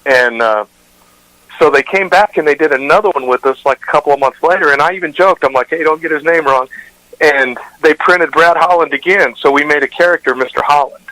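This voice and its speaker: A man's voice: on the high side, brisk, pushed and bright, no echo, low-quality recording. A man who hosts a radio show, telling stories in a casual interview with rambling restarts and fillers. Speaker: radio show host, guest.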